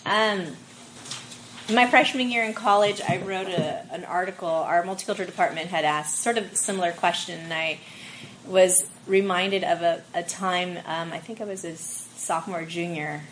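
Woman telling a halting personal story. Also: on the low side, fairly bright tone, slight background noise, low-quality recording. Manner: emotional, halting storytelling with fillers. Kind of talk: personal story in group discussion.

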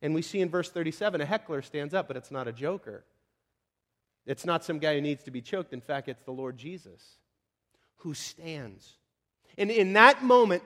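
A man's voice: a little high, lively intonation, normal speed, pauses often. A male pastor preaching a sermon, telling the story dramatically with chatty asides and sudden drops to a near whisper. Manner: dramatic storytelling, swinging from hushed to shouting; conversational asides.

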